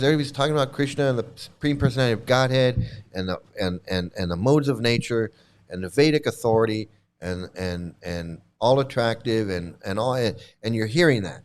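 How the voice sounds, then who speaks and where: A man in his sixties speaks in a smooth, resonant voice at a middle pitch. He talks bluntly and profanely in a candid monologue, circling back to repeat his phrases for emphasis. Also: normal speed. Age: 60s. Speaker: vlogger, former cult member.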